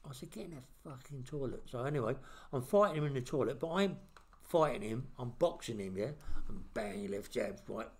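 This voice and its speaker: Man, middle-aged, podcast host, blunt, animated storyteller. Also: medium pitch, fairly quick. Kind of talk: casual storytelling chat.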